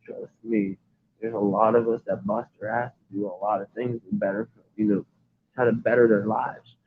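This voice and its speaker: Low-voiced man on tinny phone audio. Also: level tone, moderate pace, slight background noise. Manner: rambling, earnest, emphatic. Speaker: livestream host. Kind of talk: casual livestream, reading chat aloud.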